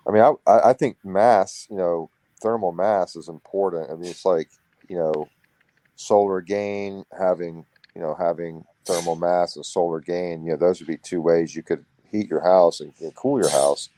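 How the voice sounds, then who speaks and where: A man's voice: sits low, fairly even intonation, normal speed, mellow, a little hiss or hum, poor audio. A man co-hosting a casual podcast chat, talking in a rambling, hesitant way with many restarts.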